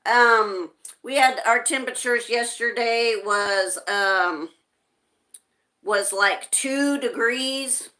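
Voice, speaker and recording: A woman's voice: fairly high pitch, slow, sharp tone. A woman hosting a casual live stream, greeting viewers by name and reading their chat messages aloud.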